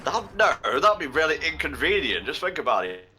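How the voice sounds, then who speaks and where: A man's voice: on the high side, sing-song, a little fast, a crowd in the background, low-quality recording. A man hosting a charity gaming stream, joking and swearing while reading out donations. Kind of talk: casual gaming commentary.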